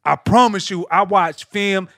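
A man in his thirties hosting a casual chat, a former linebacker who tells animated stories and acts out his teammates. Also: sits high, unhurried, creaky, no echo, clean studio sound. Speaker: podcast host, former linebacker.

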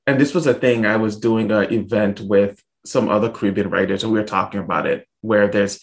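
A man from St. Thomas in the U.S. Virgin Islands, an author talking through his answers in a thoughtful, measured way with pauses and restarts during an interview. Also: fairly low pitch, fairly even intonation. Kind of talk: casual interview conversation.

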